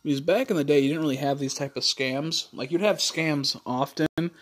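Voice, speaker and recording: A man's voice: on the high side, normal speed. A man livestreaming, chatting casually and rambling with many fillers and casual swearing.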